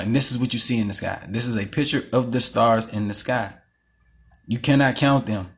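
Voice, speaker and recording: A man's voice: mid-range voice, husky. A man from the United States ranting heatedly in a casual vlog, swearing often and repeating himself as he explains his point. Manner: heated, profane, repetitive. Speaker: vlogger.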